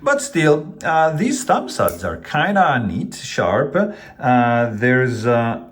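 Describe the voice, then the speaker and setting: A man's voice: medium pitch, very animated, slow, a bit bright. A man casually reviewing a pocketknife, rambling with many fillers and restarts while handling the knife as he talks.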